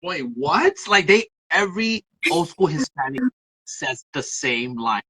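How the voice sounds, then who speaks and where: Bright-voiced woman telling stories animatedly. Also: deep voice, measured pace, breathy edge, rough recording. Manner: animated storyteller, acts out quoted voices. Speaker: podcast guest. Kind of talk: casual conversation.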